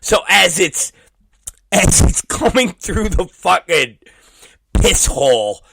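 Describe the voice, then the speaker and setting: Crude, animated forty-something man host. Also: sits high, slow pace, vocal fry, background noise. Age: 40s. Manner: vulgar, repetitive, bursts into shouted exclamations. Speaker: podcast host. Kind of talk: crude comedic monologue.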